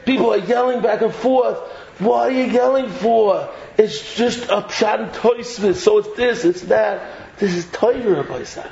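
A man teaching Torah in an animated sermon, acting out students and bystanders and using many Yiddish and Hebrew terms. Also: high voice, moderate pace, gravelly. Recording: roomy, slightly dull recording with faint noise.

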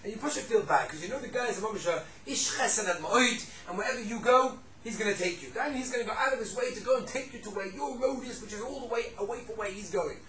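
A man teaching a casual halacha class, animated, acting out quoted speakers and mixing in Yiddish and Hebrew terms. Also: high-pitched, fast, few pauses, roomy sound, recorded from a distance, background noise. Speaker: Torah teacher.

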